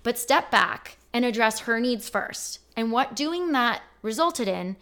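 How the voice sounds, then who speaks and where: A woman's voice: a little high, lively intonation, unhurried, fairly bright tone. A woman hosting a podcast in casual chat, blunt and emphatic, swearing freely as she tells stories. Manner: storytelling with acted-out quotes. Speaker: podcast host.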